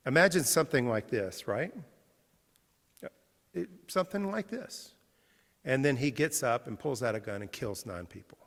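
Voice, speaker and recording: A man's voice: medium pitch, expressive, normal speed, long pauses, fairly bright tone, long reverb tail. A male pastor giving a sermon, telling stories conversationally and retelling his interviews. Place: large church sanctuary.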